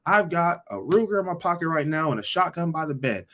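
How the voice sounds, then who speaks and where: A man's voice: on the high side, big pitch swings, brisk, fairly bright tone. A man playing a stubborn middle-aged homeowner who bluntly brushes off a salesman, in a story he tells. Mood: dismissive. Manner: blunt, dismissive.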